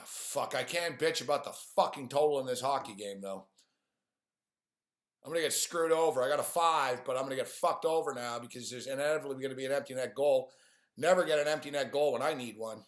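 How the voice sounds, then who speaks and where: A man's voice: mid-range voice, fairly quick. A man ranting on a live stream about sports games and his bets, swearing often and sounding frustrated. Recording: echoey room.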